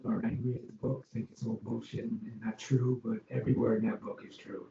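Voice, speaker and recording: A brisk, gravelly, warm voice in the mid range delivers flat, rambling stories from an older former arena executive from Long Island, New York. As an interview guest he fills his talk with ums and restarts. The podcast audio is dull and roomy, with some faint noise.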